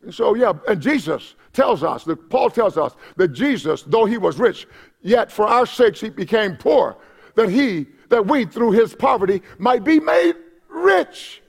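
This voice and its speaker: A man preaching a sermon as pastor of a church, impassioned, with shouted peaks and repeated words. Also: high-pitched, big pitch swings, unhurried, vocal fry, slightly rough. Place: church sanctuary.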